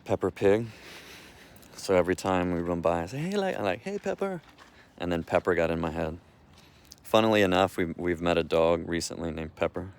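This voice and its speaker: A man with a low voice talks fairly quickly in a rambling walk-and-talk vlog, filmed outdoors while walking his dog. His speech is loose and meandering, with restarts.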